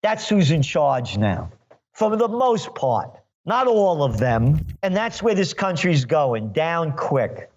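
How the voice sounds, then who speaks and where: A man's voice: on the high side, sing-song, takes it slowly, lo-fi sound. A man from New York, a guest forecaster in a podcast interview, talking emphatically and sarcastically. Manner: emphatic and sarcastic, mocking voices.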